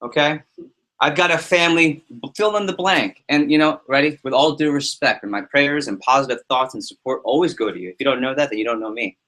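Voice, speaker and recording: A man leading a sales team meeting, giving an energetic motivational talk full of anecdotes and repetition. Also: mid-range voice, brisk. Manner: energetic, repeats himself, tells anecdotes. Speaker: team leader running a sales prep meeting.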